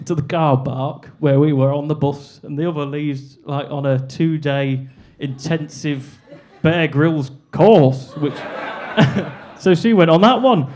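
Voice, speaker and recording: A man's voice: on the high side, takes it slowly, a little mellow, a little hiss or hum. A young man doing a stand-up comedy set, rambling and self-deprecating, on a club stage with a handheld mic.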